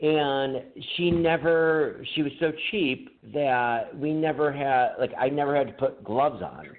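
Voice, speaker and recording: Chatting casually as a podcast co-host, a man tells a meandering, foul-mouthed story and laughs as he goes. He speaks at a measured pace and medium pitch, and the audio sounds tinny and phone-like with a faint hiss.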